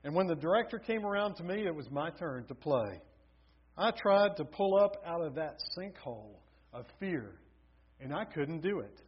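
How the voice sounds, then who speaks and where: A man's voice: fairly high pitch, big pitch swings, moderate pace, husky. A man preaching a sermon, telling stories with building emphasis. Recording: dull lo-fi recording.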